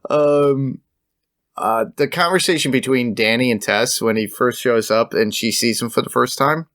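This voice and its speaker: A man's voice: mid-range voice, normal speed, a bit bright, no room sound. Easygoing podcast man, dry sound. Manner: easygoing, laughs often, paraphrases scenes loosely. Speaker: podcast co-host. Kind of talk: casual chat.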